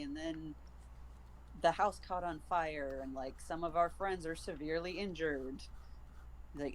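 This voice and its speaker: A chatty man on a live stream, walking through a book's plot in a loose, amused way. His voice sits a bit high for a man. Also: measured pace, a little hiss or hum, poor audio. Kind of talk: casual chat recapping a book.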